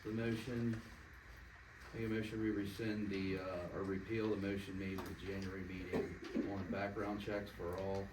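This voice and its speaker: A man on the township board reads out a motion in a casual, halting, folksy way. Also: low voice, level tone. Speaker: board member. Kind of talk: informal meeting procedure. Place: township meeting room. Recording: echoey room, distant mic, clear noise.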